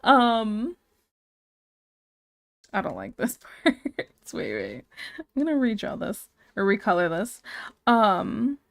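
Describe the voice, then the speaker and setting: A woman's voice: mid-range voice, very animated, takes it slowly, gravelly, pauses often, dry recording. A woman from Ohio streaming while she draws, chatting casually and rambling as she answers her live chat and gets sidetracked.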